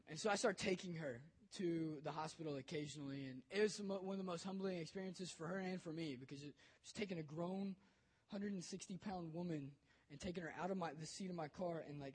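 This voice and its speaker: A man's voice: high-pitched, husky. A young man, a youth pastor, telling an emotional personal story in a sermon, bold and conversational.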